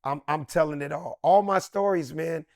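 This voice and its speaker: A man in his fifties tells a story in an interview with a comedian's lively, emphatic delivery. His voice sits fairly high for a man. It sounds close and dry, with almost no room around it. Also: normal speed, no room sound. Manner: lively and emphatic, swinging from loud excited bursts to low hushed asides. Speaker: comedian and actor, interview guest. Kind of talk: animated storytelling in a sit-down interview.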